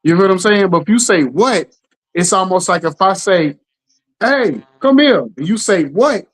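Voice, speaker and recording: A middle-aged man hosting a casual podcast chat, telling animated stories and acting out the quotes. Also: high voice, moderate pace, low-quality recording. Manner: animated storytelling, acts out quotes, keeps asking "you know what I'm saying". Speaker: podcast host.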